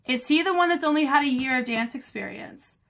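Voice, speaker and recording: A woman's voice: sits high, animated, brisk, creaky, a bit bright. A woman choreographer from the United States, giving chatty, enthusiastic dance reaction commentary and scatting along to the beats. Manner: scats and counts beats along with the music. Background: faint music.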